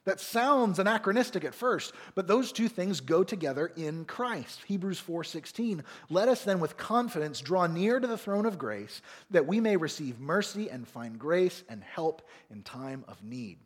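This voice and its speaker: A man preaching a sermon as pastor, earnest and animated, acting out small asides. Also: sits high, moderate pace, hardly any pauses, breathy edge. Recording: long reverb of a church hall.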